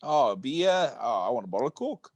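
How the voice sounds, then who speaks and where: A young man in his twenties, joking around and rushing his words while chatting with friends on a podcast. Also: mid-range voice, very animated, darkish tone, no room sound. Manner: playful, jokey, rushes his words. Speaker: podcast co-host. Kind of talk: casual chat among friends.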